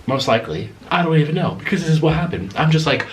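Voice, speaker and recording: A man's voice: fairly high pitch, lively intonation, a little fast, hardly any pauses, a little hiss or hum, rough recording. A man telling a story in a casual vlog while eating noodles at home at night. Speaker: vlogger.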